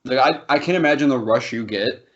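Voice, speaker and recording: A man's voice: medium pitch, a little fast. A man co-hosting a podcast, rambling and laughing through loose banter with plenty of swearing. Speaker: podcast co-host. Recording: dull lo-fi podcast audio.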